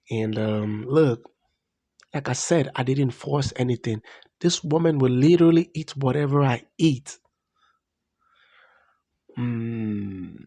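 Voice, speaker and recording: Guy vlogging his story, earnest and animated, dry close sound. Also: mid-range voice, no echo. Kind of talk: personal storytelling vlog.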